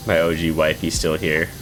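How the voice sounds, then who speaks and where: A man's voice: extremely low pitch, background noise. A man streaming live, chatting casually with viewers in a rambling, swearing way with lots of filler words.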